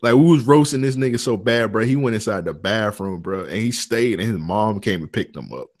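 A man's voice: fairly low pitch, lively intonation, a little fast, darkish tone. A man co-hosting a podcast, telling loose slangy stories and laughing often between lines. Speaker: podcast co-host. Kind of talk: casual podcast banter.

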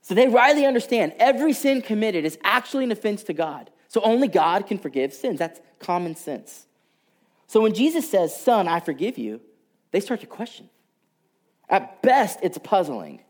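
A man preaching a sermon, telling a story and moving between loud passages and hushed, whispered lines. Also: sits high, big pitch swings, moderate pace. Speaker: pastor.

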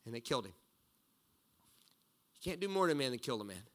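A middle-aged man preaching a sermon, telling a story with loud bursts and low asides. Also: big pitch swings, fast. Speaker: pastor.

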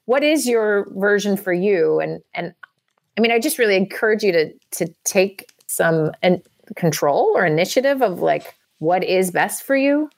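A woman's voice: medium pitch, lively intonation, normal speed, gravelly. A woman hosting an advice podcast, giving encouraging, coaching advice in casual chat with many fillers.

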